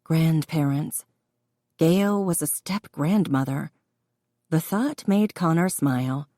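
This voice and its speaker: Female audiobook narrator, low and dry, measured, steady delivery. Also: no echo. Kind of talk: scripted narration.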